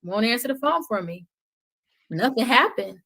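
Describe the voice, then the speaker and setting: A woman with a somewhat high voice talks with fervent conviction on a podcast, like a preacher. Her delivery swells loud, then drops to a hush. She sounds like a guest on a live stream. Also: lively intonation, moderate pace, slightly rough, low-quality recording. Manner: impassioned, preaching cadence, swings from loud to hushed. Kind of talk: passionate podcast talk.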